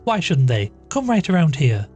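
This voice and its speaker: A man voicing a hearty, mischievous young country woman who talks brisk and impatient. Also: on the high side, sing-song, darkish tone, soft background music, voice pushed up. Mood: bossy.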